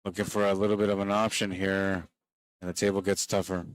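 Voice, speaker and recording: A low-pitched man, talking a little fast, gives easygoing live play-by-play of a pool match directly to stream viewers. He sounds mildly fatigued late in the day, and no room sound is audible.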